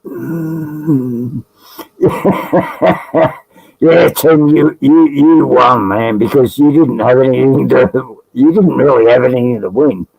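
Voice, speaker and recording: With a mid-range, gravelly voice and lively intonation, this Australian man chats slowly as a live stream guest, his tone on the darker side. His talk is casual banter that rambles, jokes around and breaks into laughter often, all on a low-quality recording.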